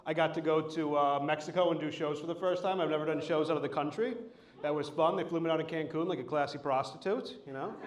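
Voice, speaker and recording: A man performing live stand-up, his voice sitting a little high for a man and bouncing around an echoey room. He tells stories in a loose, profane way through a handheld stage mic. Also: fast. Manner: loose, profane, storytelling delivery. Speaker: headlining stand-up comedian. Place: live comedy show at an art venue.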